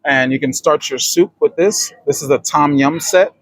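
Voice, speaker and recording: A man's voice: a little high, moderate pace, no echo. A man vlogging as he walks through a supermarket, chatting and explaining prices to his viewers. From United States. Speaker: travel vlogger. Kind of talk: casual grocery-store walkthrough. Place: supermarket, indoors.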